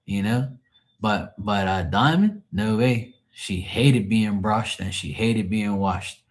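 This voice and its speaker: A low-voiced man chats on a live stream in a loose, rambling way. He jokes and swears freely as he talks to viewers. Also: slow. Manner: rambling, profane, joking. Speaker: live tarot reader and streamer. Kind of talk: casual live-stream chat.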